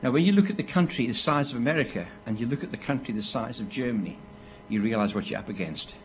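A man, preaching a sermon in an animated storytelling way, with asides to the people listening. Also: mid-range voice, fast, a little hiss or hum. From Britain. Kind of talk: sermon to a live audience.

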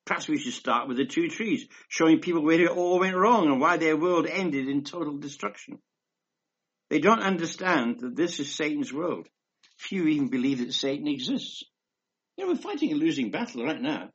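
A man's voice: fairly high pitch, lively intonation, normal speed, slightly rough. A man giving a rambling, emphatic conversational sermon, reading scripture aloud between asides. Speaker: preacher. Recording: dull lo-fi recording.

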